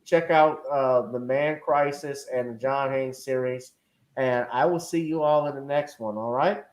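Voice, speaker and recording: A man's voice: mid-range voice, steady tone, unhurried. A man hosting a live-stream talk show, chatting casually and joking as he wraps up. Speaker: host.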